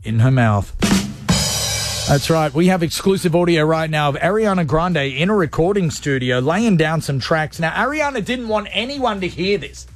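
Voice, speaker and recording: Man, radio host, lively swooping pitch, jokey banter. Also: moderate pace, soft background music. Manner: animated, jokey, mock announcer voice at times.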